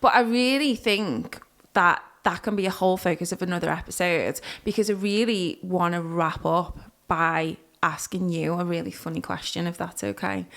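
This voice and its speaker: A woman's voice: lowish voice, fairly even intonation, moderate pace, gravelly. A woman hosting a podcast who laughs easily and steers the chat with questions. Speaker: podcast host. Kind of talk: casual chat.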